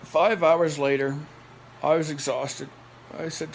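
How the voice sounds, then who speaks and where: A man's voice: fairly high pitch, flat delivery, slow pace, creaky, slight background noise, low-quality recording. A man telling a personal story in a blunt, rambling way, repeating phrases for emphasis and laughing in between. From Nova Scotia, Canada.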